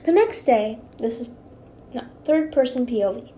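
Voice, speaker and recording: A woman's voice: on the high side, lively intonation, moderate pace, warm tone, a little hiss or hum. A young woman with a slight lisp, reading fanfiction aloud with rambling, giggly asides and stumbling over words. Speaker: fanfiction reader.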